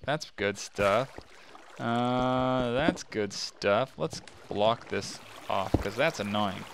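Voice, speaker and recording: A man hosting a gaming channel, talking to himself in casual, excitable commentary as he plays. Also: mid-range voice, slow, gravelly, background noise. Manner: chatty, excitable, talks to himself while playing.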